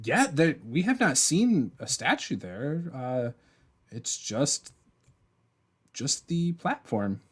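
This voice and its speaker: A man voicing a small chatty plant creature in a high-pitched, squeaky voice. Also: very animated, takes it slowly, breathy edge, heavily acted. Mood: hesitant.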